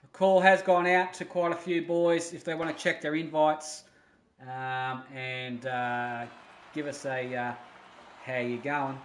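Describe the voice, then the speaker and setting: Man, sim racing commentary, excitable and shouty, roomy sound, faint background noise. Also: medium pitch, unhurried. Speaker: esports race commentator. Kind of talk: live stream race commentary.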